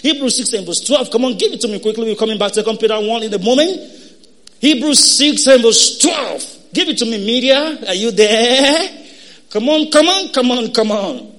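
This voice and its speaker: A male pastor preaching a sermon, calling on the congregation for responses and breaking into shouted exhortations. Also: very high voice, animated, moderate pace.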